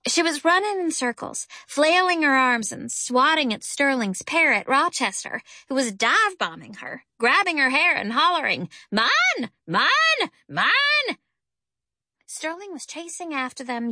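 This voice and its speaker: Bright-voiced woman reading a story. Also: sits high, animated, moderate pace, few pauses, dry recording, studio quality. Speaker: audiobook narrator. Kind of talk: first-person story narration.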